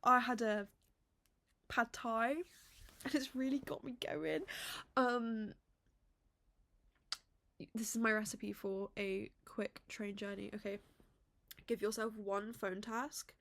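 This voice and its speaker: A woman's voice: fairly high pitch, little pitch movement, slow pace, pauses often, fairly bright tone. A young woman from England vlogging in casual chat at home, rambling and self-deprecating with many fillers. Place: home room.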